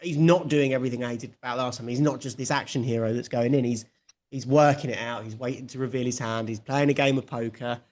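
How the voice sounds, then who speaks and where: Bloke cracking jokes on a podcast, normal mid voice. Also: male voice, mid-range voice, fairly even intonation, fast, darkish tone. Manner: jokey, laughs easily, swears casually. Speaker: podcast co-host. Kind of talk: casual podcast chat.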